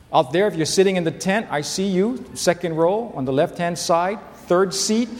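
A man's voice: sits high, moderate pace, few pauses. A man preaching a sermon to a large congregation, emphatic and direct, recorded in a big hall. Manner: emphatic, pointing at listeners. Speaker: pastor. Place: large church hall with tent overflow. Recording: long hall reverb.

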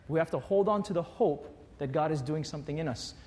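A man preaching a sermon to his congregation, shifting from quiet, earnest appeals to animated storytelling. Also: on the high side, fairly quick. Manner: animated storytelling with acted quotes. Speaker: pastor. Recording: long hall reverb.

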